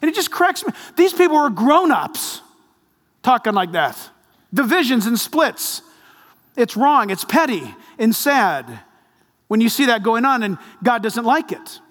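A man in his fifties, a pastor preaching a sermon with lively storytelling and jokes. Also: very high voice, unhurried. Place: large church hall. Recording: long hall reverb.

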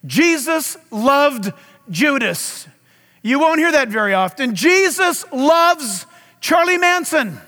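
Fiery, high-voiced male preacher. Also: very animated, takes it slowly, in a large hall. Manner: impassioned, loud preaching with dramatic swings. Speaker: pastor. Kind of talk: sermon.

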